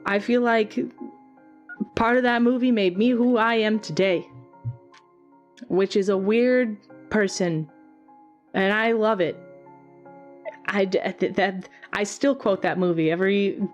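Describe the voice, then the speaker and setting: Animated, swearing woman telling a story. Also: mid-range voice, a little slow, long pauses, highs cut off, faint music behind. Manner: animated, swears freely, many fillers. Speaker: singer and channel host. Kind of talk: casual Q&A storytelling.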